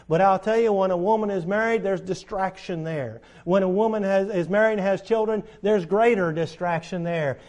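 A man preaches a sermon in a high voice, reading from scripture and speaking with emphasis as his volume swells and falls.

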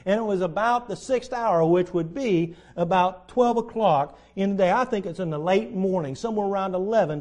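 A man's voice: high-pitched, darkish tone. A man preaching a verse-by-verse Bible lesson in a conversational way, asking his listeners questions and acting out the quoted lines.

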